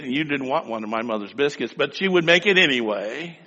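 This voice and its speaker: A middle-aged male preacher delivering a sermon with personal stories, dramatic, swinging between slow emphatic phrases and quick storytelling. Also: medium pitch, animated, sharp tone, muffled recording. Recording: reverberant hall.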